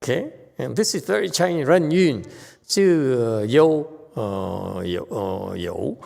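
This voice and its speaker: A man's voice: medium pitch, animated, takes it slowly, vocal fry, a little mellow, big-room sound. A man teaching as a Buddhist master in a dharma lecture, blunt and dismissive, brushing off questions with impatience.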